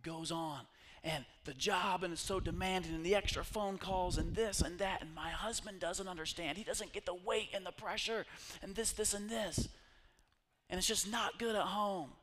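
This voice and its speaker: A middle-aged man preaching a sermon, telling stories and swinging between loud calls and hushed retelling. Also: high voice, fairly even intonation, normal speed. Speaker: pastor.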